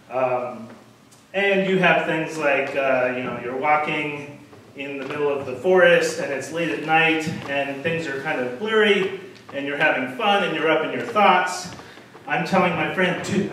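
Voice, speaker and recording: A man's voice: fairly high pitch, measured pace, bright, forceful tone. A man giving an unprepared, rambling talk to a crowd, full of fillers and self-deprecating asides. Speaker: speaker at a storytelling event. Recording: echoey hall from far off, with noise.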